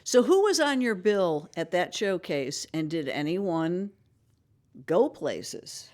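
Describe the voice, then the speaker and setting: A woman's voice: on the low side, big pitch swings, takes it slowly, a little mellow. A woman interviewing a guest, asking short conversational questions.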